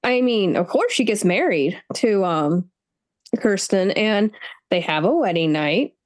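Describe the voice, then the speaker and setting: A chatty woman in relaxed conversation, talking through a book with a friend. Her voice sits at an ordinary middle pitch, and she often slips into playful quoted reactions. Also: measured pace. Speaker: book podcast co-host. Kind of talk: casual chat.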